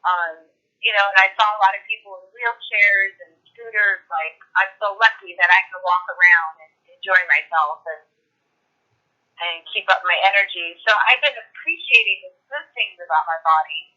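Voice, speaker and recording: A woman client chats in a rambling way, filling her talk with "like" and "you know". Her voice is very bright and sharp. She is heard over a tinny phone line. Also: medium pitch, normal speed. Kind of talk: casual chat.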